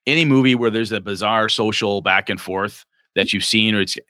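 Bright-voiced man chatting about game mastering. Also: fairly low pitch, no room sound, studio quality. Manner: animated, acts out characters in quick voices. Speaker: game master podcast co-host. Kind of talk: casual chat about running tabletop games.

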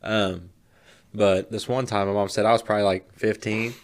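Deep-voiced laid-back man chatting. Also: fairly even intonation, moderate pace. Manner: laid-back, laughs often, swears casually. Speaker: podcast co-host. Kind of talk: casual chat.

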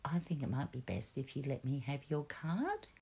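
A woman's voice: a bass voice, big pitch swings, moderate pace, gravelly, dark tone. A middle-aged Australian woman, a mother, chatting casually and telling family stories, acting out what her husband said. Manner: storytelling, quoting her husband, laughing often.

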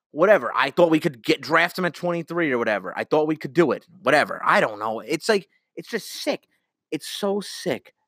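A man's voice: on the high side, fairly bright tone, dry recording, studio quality. A young man hosting a sports podcast, ranting heatedly about his team, swearing and repeating himself. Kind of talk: solo sports rant.

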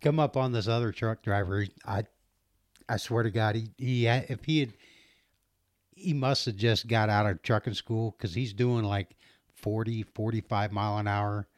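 A man's voice: on the low side, steady tone, normal speed, no echo, studio quality. A middle-aged man casually telling a rambling story about his trucking job, laughing often and restarting his sentences.

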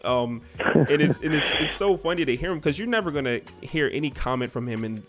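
A man's voice: on the high side, lively intonation, fast, a bit bright, soft background music. A man hosting a podcast, talking sports in a loose, rambling way with lots of fillers. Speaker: podcast host. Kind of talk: casual sports chat.

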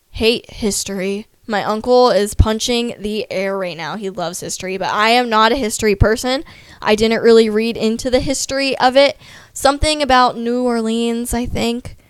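A young adult woman vlogger rambles casually to her viewers at normal speed, using "like" in almost every sentence and making self-deprecating jokes. Her voice is a little high, smooth and clean, recorded dry and close with no room sound.

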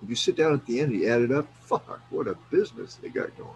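Gravelly middle-aged man, animated storyteller. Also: mid-range voice, fast talker, faint music behind, poor audio. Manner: animated storyteller, swears freely, laughs often. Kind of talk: casual chat.

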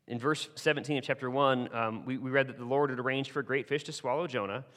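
Male preacher, casual and animated, acts out quotes; medium pitch, big reverberant room. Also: quick pace. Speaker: pastor. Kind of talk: sermon. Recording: long hall reverb.

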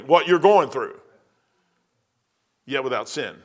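A male pastor delivers a verse-by-verse sermon in a plain, folksy manner. He circles back over his phrases and drops in a casual "man". His voice sits somewhat high for a man. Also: brisk, fairly bright tone. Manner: folksy and conversational, repeats phrases, says "man".

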